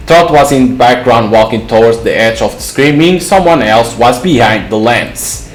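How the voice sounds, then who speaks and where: A man's voice: mid-range voice, lively intonation, normal speed, echoey room, faint music behind, poor audio. Man reading a visual novel aloud. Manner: stumbling, self-correcting reading. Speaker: gaming channel host.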